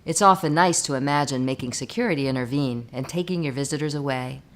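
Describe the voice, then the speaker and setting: A woman reading scripted narration for a hospital staff training video, measured and instructive. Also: very deep voice.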